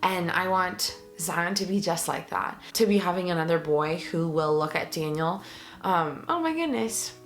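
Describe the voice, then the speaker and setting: A young pregnant woman vlogs casually to her viewers, speaking earnestly and emotionally with plenty of fillers. Her voice is fairly low and flat, moving at a moderate pace with hardly any pauses, while faint music plays in the background.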